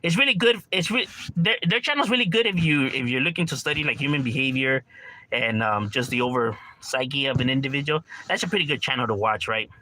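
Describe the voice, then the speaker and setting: A man's voice: mid-range voice, lively intonation, brisk, pushed and bright, dry recording. A man chatting casually on a livestream, rambling in slang, swearing freely and calling listeners bro and homie. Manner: swears freely, laughs often. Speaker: livestreamer reading chat.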